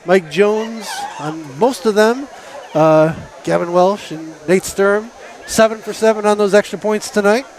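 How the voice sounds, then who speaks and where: A man co-commentating a high school football game outdoors, matter-of-fact as he reads sponsors and scores. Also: a little slow, hardly any pauses, darkish tone. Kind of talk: sports commentary.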